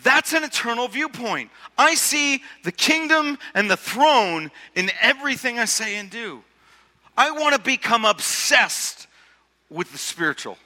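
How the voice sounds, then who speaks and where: A man preaches in a high, very bright, ringing voice, leaning on rhetorical questions and repeating himself as he goes. His sermon comes across casual and conversational. A long reverb trails off each phrase in the big hall. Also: sing-song, unhurried. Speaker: pastor.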